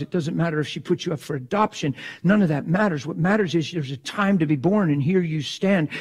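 A man preaching a sermon with emphatic, drawn-out questions, checking the audience's assent and dropping to hushed prayer. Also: a little high, breathy edge. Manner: asks the crowd for assent.

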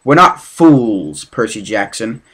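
A man's voice: fairly low pitch, big pitch swings, slow pace, a bit bright, husky, heavily acted. A man reading aloud, voicing a threatening female teacher who turns out to be a monster, in a cold, menacing tone.

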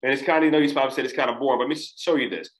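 A man's voice: medium pitch, rapid-fire, low-quality recording. Man coaching students on test prep. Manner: relaxed, conversational teaching with fillers. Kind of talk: casual spoken lesson.

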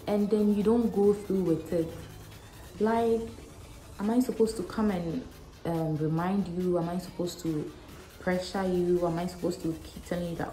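A young woman from Ghana, answering questions in a casual vlog with a frank, animated, self-mocking manner. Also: on the low side, moderate pace. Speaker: vlogger. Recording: echoey room with faint music.

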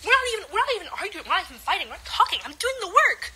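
A teenage high school girl talking in a venting monologue, exasperated and animated, with lots of fillers. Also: very fast, a little hiss or hum, low-quality recording. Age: late teens.

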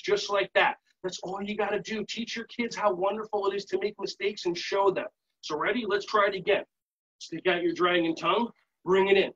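Upbeat man leading a yoga warm-up. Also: high voice, slightly rough, lo-fi sound. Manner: upbeat, coaching, playful cues. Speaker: yoga instructor for teachers. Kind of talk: live virtual workshop instruction. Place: home setting.

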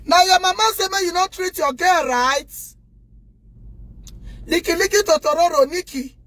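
Speaking with a Nigerian accent and a very high voice at normal speed, a woman rants passionately to the camera, scolding loudly and indignantly while addressing her viewers directly.

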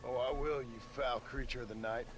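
An actor playing a blunt, stubborn frontier gunman who talks in a flat, accusing way. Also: medium pitch, brisk, background noise, natural voice.

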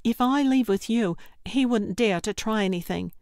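A woman voicing an anxious young female art instructor with a hurried, pleading manner, in an audiobook. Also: a little high, darkish tone, no room sound, studio quality, natural voice.

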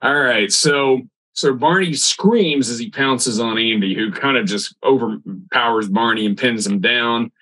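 A man casually recapping a sitcom episode on a podcast, rambling and halting with restarts. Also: mid-range voice, bright, forceful tone, rough recording. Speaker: podcast co-host.

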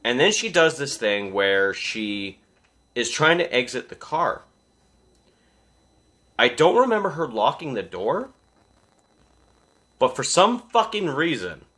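A man recapping a horror movie in a casual, animated way, swearing constantly and laughing at the scenes. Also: medium pitch, a little slow, pauses often. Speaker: movie reviewer. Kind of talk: casual profane film recap.

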